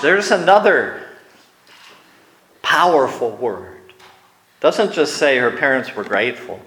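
Slow, deliberate male preacher, echoey room. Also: mid-range voice. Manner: slow, deliberate, animated when dramatizing. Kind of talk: sermon.

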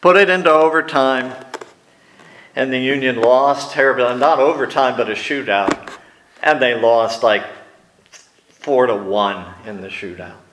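A man preaching a sermon, telling wry personal stories and slipping into quiet asides, recorded in a church hall. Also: mid-range voice, a little slow, long pauses, slight background noise. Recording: echoey room.

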